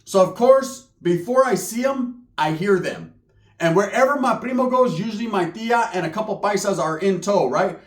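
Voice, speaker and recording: A man tells a comedy story in streetwise slang, animated and profane. His voice is pitched high for a man, and it rings in a roomy echo. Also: normal speed. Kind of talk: comic storytelling.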